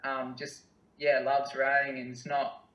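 Bright-voiced Australian man, roomy sound. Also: medium pitch, monotone, highs cut off. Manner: hesitant, halting, self-deprecating. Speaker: guest, distance runner. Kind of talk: casual interview answers. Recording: roomy, mic at a distance.

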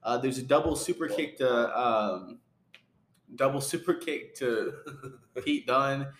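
A man's voice: mid-range voice, slow pace, fairly bright tone. A young man with a mid-range voice talks through a wrestling match move by move, rambling and filling gaps with ums and uhs. He sounds like he is in a roomy space with noticeable echo. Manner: rambling play-by-play, many fillers and laughs. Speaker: podcast co-host recapping wrestling. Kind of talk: casual chat.

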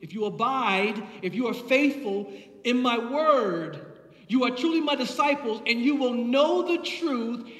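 High-voiced impassioned male preacher, echoey hall. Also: measured pace. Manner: impassioned, builds with repeated phrases. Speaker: pastor. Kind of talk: sermon.

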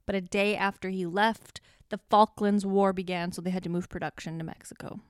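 A woman's voice: medium pitch, steady tone, brisk, smooth, no room sound, clean studio sound. A young woman co-hosting a podcast, chatting casually and giggling through a movie review. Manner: giggly, chatty, self-deprecating. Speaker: podcast co-host.

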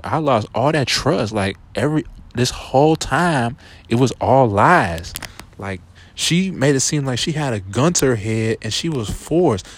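A young man hosts his own podcast and tells a personal story straight to his listeners in a relaxed, chatty way. His pitch is of middling height but swings widely, shooting upward whenever he gets exasperated. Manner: animated, voice jumping up when exasperated. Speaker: podcast host.

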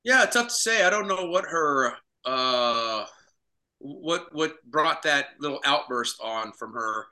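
A man co-hosting a casual podcast who talks in halting phrases as he thinks aloud. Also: fairly high pitch, expressive, pushed and bright. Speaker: podcast co-host.

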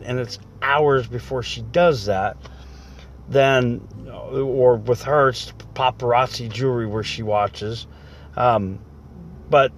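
A man's voice: medium pitch, a little hiss or hum. Man telling stories of married life. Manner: storytelling, acts out both sides of conversations. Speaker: husband talking about marriage. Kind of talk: casual monologue.

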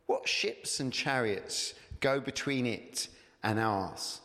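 A man reading aloud and voicing a scheming enchantress queen in a sweet, quiet, half-mocking tone, in a reverberant hall. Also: medium pitch, slow pace. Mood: coaxing. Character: soft-spoken scheming enchantress queen, female, coaxing.

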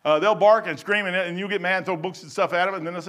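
A man preaching a sermon in a folksy, rambling way, swinging between loud bursts and quiet asides. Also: sits high, fast. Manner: folksy and rambling, with stumbles and chuckles.

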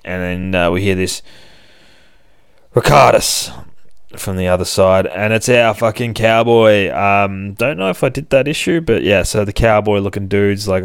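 A man's voice: low-pitched, moderate pace, clean tone, no echo, studio quality. A man hosting a podcast, casually recapping a horror comic in a profane, rambling way and reading out the characters' lines. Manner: profane, rambling, acts out quotes. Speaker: podcast host.

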